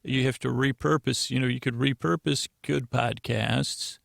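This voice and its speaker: A man's voice: medium pitch, steady tone, unhurried, gravelly, a bit bright, no room sound, studio quality. A man hosting a bedtime podcast, rambling and meandering with many restarts. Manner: meandering, self-interrupting, drowsy. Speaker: podcast host.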